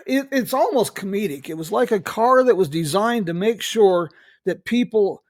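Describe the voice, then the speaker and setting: A middle-aged man hosting an interview, rambling with many pauses and restarts. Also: high voice, animated, no room sound, studio quality. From United States. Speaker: host. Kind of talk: casual interview chat.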